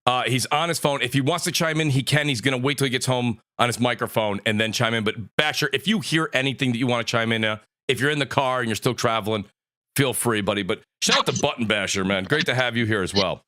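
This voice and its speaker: A man hosting a live gaming podcast panel, introducing guests with energetic hype. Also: medium pitch, fast talker. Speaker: podcast host. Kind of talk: casual panel show hosting.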